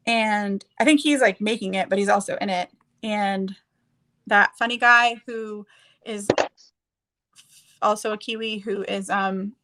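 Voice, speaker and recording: A woman's voice: medium pitch, a bit bright, poor audio. A woman chatting casually while doing her makeup on a stream, rambling and searching for words as she goes.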